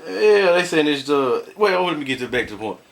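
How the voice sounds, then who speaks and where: A man's voice: a little high, sing-song, a little fast, creaky. A married man vlogging, ranting bluntly to his viewers and laughing often as he complains. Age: adult, married. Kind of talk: casual ranting commentary.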